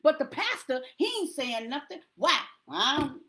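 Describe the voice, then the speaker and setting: A woman's voice: high-pitched, very animated, a little slow, sharp tone. A woman preaching to a congregation in an emphatic, repetitive rallying cadence.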